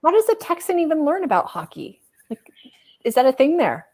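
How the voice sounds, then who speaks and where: A woman's voice: high voice, wildly swooping pitch, a little fast, a little mellow. A woman co-hosting a podcast, teasing her co-host in casual chat and laughing often.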